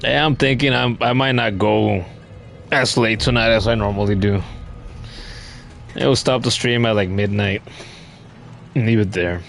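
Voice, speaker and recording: A man streaming a game, chatting in a relaxed, rambling way and cursing whenever it catches him out. His voice is fairly low. Soft game music runs underneath. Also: measured pace, vocal fry, long pauses. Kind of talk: casual gaming commentary.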